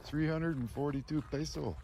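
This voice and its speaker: A man hosting a casual live stream at home, coaxing his pets in a high sing-song voice and dropping in Spanish words. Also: normal speed, creaky, dark tone, slight background noise. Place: home kitchen.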